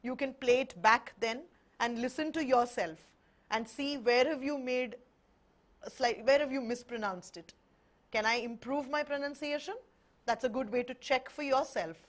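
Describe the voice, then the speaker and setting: A woman teaching spoken in a warm, encouraging way. She explains step by step with everyday examples and keeps checking that her listeners follow. Her voice sits a little high for a woman. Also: moderate pace. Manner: encouraging, explains with examples, asks "right?" often. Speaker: English-speaking trainer on an education webinar. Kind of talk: friendly instructional talk.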